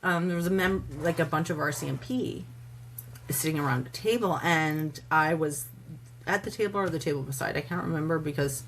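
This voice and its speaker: A woman's voice: low voice, a little fast, a little hiss or hum. A woman from Canada, a podcast guest and advocate, telling her story casually, acting out conversations with many "like" fillers. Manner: lively storyteller who acts out dialogue, many "like" fillers.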